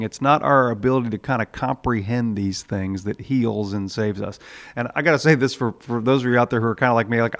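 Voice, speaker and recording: A man preaching a sermon in a conversational way, with frequent "uh"s, now and then acting out the voices in his story. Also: mid-range voice. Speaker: pastor.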